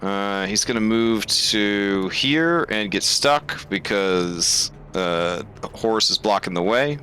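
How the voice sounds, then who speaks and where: A man's voice: fairly low pitch, lively intonation, takes it slowly, bright, forceful tone. A man running a tabletop game as game master, thinking aloud with lots of fillers.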